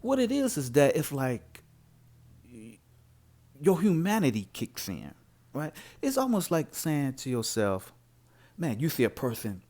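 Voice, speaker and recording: A man's voice: on the high side, a little mellow. A man, preaching informally and emphatically, often stopping to ask rhetorical questions. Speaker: religious commentator.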